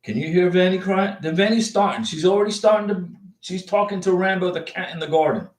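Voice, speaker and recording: A fairly high-voiced man chatting casually on a livestream, answering viewers in a rambling, repetitive way. He sits back from the microphone in a roomy office, so his voice carries a noticeable echo. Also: a little fast, recorded from a distance. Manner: chatty, rambling, repeats himself often. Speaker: livestream host answering visa questions. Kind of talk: casual livestream chat reading viewer comments. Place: home office with a cat.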